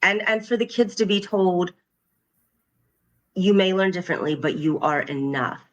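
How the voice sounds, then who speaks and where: With lively intonation and a moderate pace, a middle-aged woman in a lowish voice talks thoughtfully on a podcast about her work as a parent coach and occupational therapist, often quoting herself speaking to her children. The audio sounds dull.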